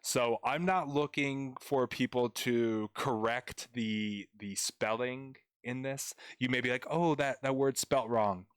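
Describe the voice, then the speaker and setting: A man's voice: medium pitch, takes it slowly, hardly any pauses, clear, resonant tone, dry recording. Casting: young man, tutor on live stream, chatty and playful, dry close mic. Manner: chatty, playful, addresses chat viewers directly. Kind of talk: live-streamed grammar lesson.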